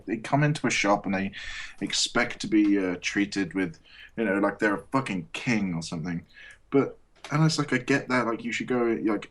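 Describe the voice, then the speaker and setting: A man's voice: fairly low pitch, a bit bright. A young man, a podcast co-host, ranting bluntly and profanely in casual chat.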